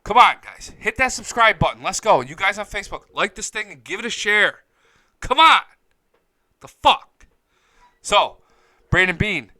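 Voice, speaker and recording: A fired-up man hosts a live-streamed sports talk show, cursing freely and skipping between topics. His voice is bright and forceful, sits a little high, and comes through dry and close on a studio mic. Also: big pitch swings, normal speed, long pauses, no echo, low-quality recording. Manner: hyped, profane, jumps between topics. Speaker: sports podcast host.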